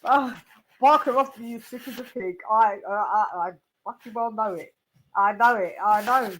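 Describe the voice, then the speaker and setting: A woman hosts a casual boxing chat stream. Her voice sits a little high, and her talk is loose and chatty, full of laughs and the odd swear word. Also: moderate pace, a bit bright, a little hiss or hum, poor audio. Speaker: host.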